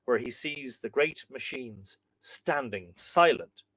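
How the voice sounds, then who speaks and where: An Irish man hosting a live show, reading a book chapter aloud with dramatic pauses and slower quoted passages. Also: medium pitch, expressive, fairly bright tone, breathy edge, no room sound.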